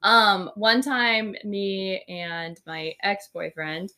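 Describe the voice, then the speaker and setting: A young woman co-hosting a casual chat, telling a story in an animated way and laughing as she goes. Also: mid-range voice, drawn-out words. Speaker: podcast co-host.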